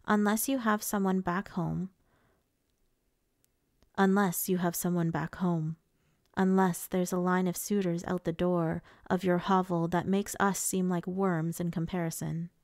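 A woman's voice: lowish voice, flat delivery, a little slow, a little mellow, dry recording, clean studio sound. A woman voicing a vain, mocking male fae emissary in an audiobook, with a smug, teasing delivery. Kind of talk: audiobook character reading.

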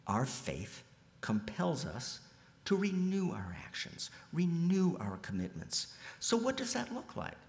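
Man preaching with lively, swinging pitch. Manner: dramatic, swings between loud emphasis and soft near-whispers. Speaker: lay preacher. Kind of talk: sermon. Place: church sanctuary. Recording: long hall reverb.

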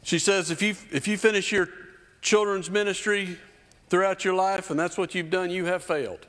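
A man's voice: high-pitched, fairly even intonation, moderate pace, a bit bright. A man in his fifties preaching a sermon as a children's pastor, emphatic and repetitive, building in intensity. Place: church stage. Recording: reverberant church hall.

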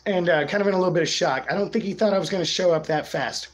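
A man's voice: high voice, rapid-fire, rough recording. Slangy laid-back man telling a story. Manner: slangy, laid-back, says "dude" a lot. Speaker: vlogger treasure hunter. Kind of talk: casual storytelling.

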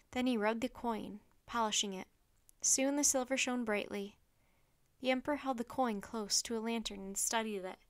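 A woman reading a children's book aloud with gentle, even narration. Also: on the high side. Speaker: storyteller.

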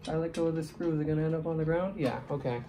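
A man's voice: fairly high pitch, very fast, dark tone. A man vlogging casually at home while assembling a stand, talking to himself and getting frustrated. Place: room at home. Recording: noisy room sound.

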